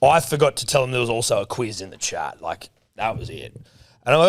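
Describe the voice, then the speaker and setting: Animated Australian man, lively swearing storyteller. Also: medium pitch, fast, dry recording, clean studio sound. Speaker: podcast co-host. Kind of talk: casual sports chat.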